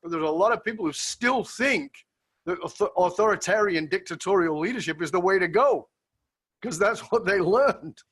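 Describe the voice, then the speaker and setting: A man's voice: high voice, moderate pace, fairly bright tone, breathy edge. A middle-aged man hosting a podcast interview, telling stories in an earnest, emphatic way and often repeating words as he goes. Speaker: podcast host. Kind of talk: conversational interview storytelling.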